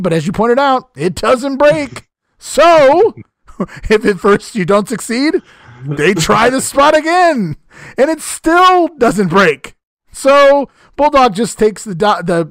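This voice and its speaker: Wry, high-voiced man recapping with jokes. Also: fairly bright tone, no room sound, studio quality. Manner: wry, joking, swears casually. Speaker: podcast co-host recapping wrestling. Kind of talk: casual chat and play-by-play recap.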